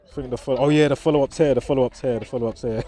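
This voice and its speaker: A man with a mellow, medium-pitched voice vlogs outdoors in a park, casually commenting to his viewers. He's chatty, chuckles often, and keeps restarting his sentences.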